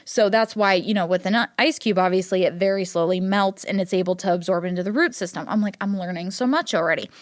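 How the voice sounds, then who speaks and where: A young woman from Ohio hosting a casual solo podcast, talking in a chatty, animated way, full of "like" and acting out quotes in a higher voice. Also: quick pace, hardly any pauses, no room sound, clean studio sound. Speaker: podcast host.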